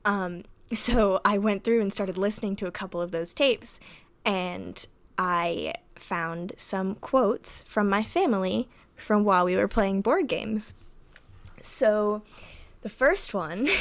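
A woman's voice: mid-range voice, takes it slowly. A young woman hosting a podcast, casually telling family stories with lots of giggles and filler words. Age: young adult. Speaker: podcast host. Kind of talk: casual storytelling.

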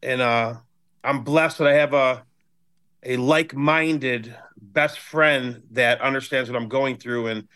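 A man in his fifties from Cleveland talks bluntly and swears freely as a podcast guest. His voice sits at an ordinary middle pitch, and he rambles through his stories in a loose, casual way. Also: fairly even intonation, a little slow, bright, forceful tone, clear, resonant tone. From Cleveland, USA. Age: 50s. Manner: blunt and heavily profane storytelling. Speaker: guest, hardcore band member.

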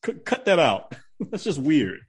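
A man's voice: a little high, very animated, measured pace, husky. A man chatting casually on a podcast, laughing often and acting out the people he quotes. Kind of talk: casual chat.

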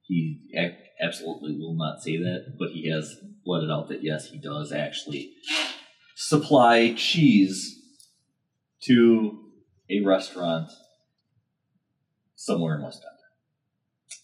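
A man's voice: low-pitched, takes it slowly, pauses often. A man telling a rambling story on a podcast, hesitant and full of fillers. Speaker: podcast co-host. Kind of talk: casual chat.

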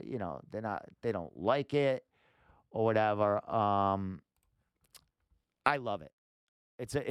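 A man's voice: mid-range voice, smooth, no echo, studio quality. A man hosting a podcast, casually walking viewers through a website while thinking aloud, full of fillers and frequent swearing. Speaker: podcast host. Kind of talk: casual livestream screen walkthrough.

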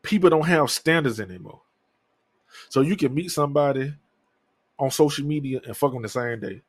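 A man's voice: mid-range voice, normal speed, no echo. A man in his thirties hosting a podcast, talking alone in a candid, profane, rambling way. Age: 30s. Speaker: podcast host. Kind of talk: casual solo talk.

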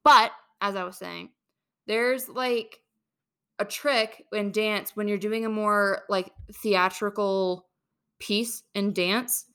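A young woman hosts a casual podcast chat. Her voice is bright and clear, and she tells stories in an animated, chatty way. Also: mid-range voice, takes it slowly. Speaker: podcast host.

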